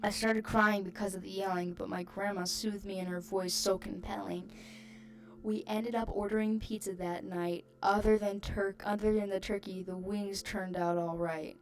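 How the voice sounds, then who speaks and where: A woman's voice: mid-range voice, fairly even intonation, normal speed. A woman hosting her channel, reading a rhyming online post aloud with amused, giggly asides.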